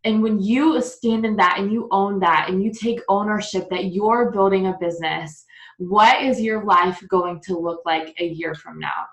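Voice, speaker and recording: A woman hosting a team video call, warm and encouraging, praising her guest effusively. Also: mid-range voice, moderate pace, echoey room, rough recording. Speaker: host.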